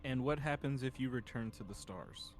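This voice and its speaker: A man's voice: medium pitch, moderate pace. A man playing a tabletop game, speaking urgently and partly in character. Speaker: player. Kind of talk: casual tabletop role-play.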